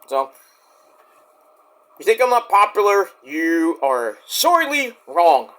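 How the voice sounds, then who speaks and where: A man's voice: high-pitched, very animated, slow, a bit bright. A man in a vlog ranting straight at his critics, defensive and indignant, swearing and rambling with restarts. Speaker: YouTube wrestling reviewer.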